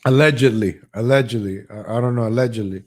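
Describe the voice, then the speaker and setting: A medium-pitched, slightly mellow voice belonging to a fast-talking man. As host of a live online show, he rants with casual sarcasm, habitually repeats his first words, and mocks people in exaggerated voices. He's opinionated and sarcastic, hopping between topics.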